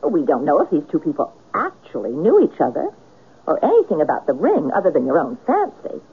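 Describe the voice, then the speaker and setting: Brief: sharp, inquisitive woman in a radio play, raspy and very animated, phone-thin broadcast audio. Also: deep voice, brisk, narrow, tinny audio, full character voice. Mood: probing. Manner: probing, practical. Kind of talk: 1970s radio drama acting.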